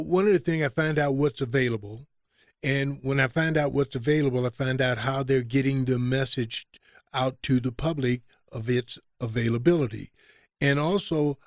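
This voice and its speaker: A man's voice: medium pitch, moderate pace, dry recording, studio quality. A man, a podcast guest, talking conversationally and acting out quoted exchanges in a raised voice. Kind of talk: conversational storytelling.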